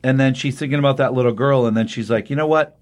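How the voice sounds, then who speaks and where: A man's voice: medium pitch, steady tone, fast talker, a little mellow. Man casually recapping a comic. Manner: rambling, many ums and restarts, acts out quotes lightly. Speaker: podcast host recapping a comic.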